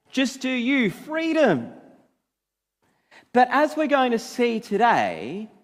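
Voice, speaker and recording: Man preaching, high voice, unhurried delivery, emphatic, long hall reverb. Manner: prayerful, then earnest and emphatic preaching. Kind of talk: sermon.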